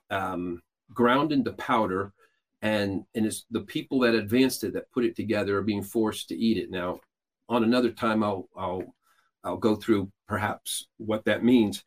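A man hosting a show, talking loosely and explaining at length, with frequent restarts and filler sounds. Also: medium pitch. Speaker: host. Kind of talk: casual teaching talk.

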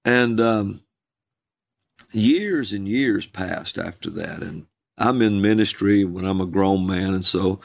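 Minister guy telling a story real slow, dry close sound. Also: gravelly, dry recording. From USA. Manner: slow, drawn-out storytelling with calls acted out in a high voice. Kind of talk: storytelling in a conversation.

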